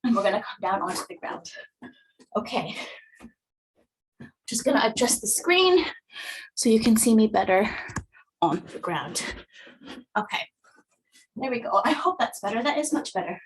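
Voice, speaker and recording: A woman's voice: fairly high pitch, sing-song, normal speed, pauses often, far from the mic, a little hiss or hum, rough recording. A woman fitness instructor, a little out of breath, guiding a workout and counting reps with encouragement.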